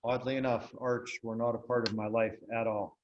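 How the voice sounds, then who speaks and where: A man's voice: mid-range voice, little pitch movement, normal speed, muffled recording, slight background noise. An older man, an interviewed blacksmith, telling stories in a wry, folksy way, acting out the dialogue. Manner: folksy, wry storyteller who acts out dialogue. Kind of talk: relaxed storytelling in an interview.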